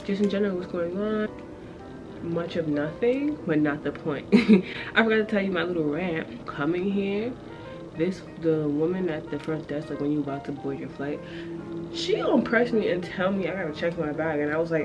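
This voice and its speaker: A woman's voice: fairly low pitch, normal speed, music in the background, rough recording. A young woman in her twenties chatting casually to the camera, telling a story as a rant and laughing often. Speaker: vlogger. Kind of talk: casual vlog chat.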